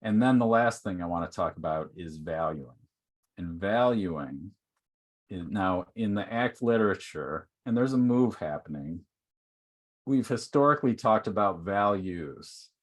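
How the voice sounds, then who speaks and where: Brief: deep-voiced male presenter, chatty and informal, lecturing to a workshop. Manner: conversational, uses many fillers like "like" and "okay". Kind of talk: online teaching talk.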